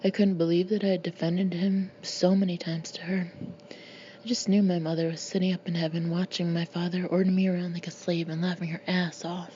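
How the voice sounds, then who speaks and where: A woman narrates her own memoir in a dry, sardonic, deadpan voice. Her tone is warm and low-key. The recording is slightly muffled, with a faint hiss behind her. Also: a little fast. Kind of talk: audiobook narration.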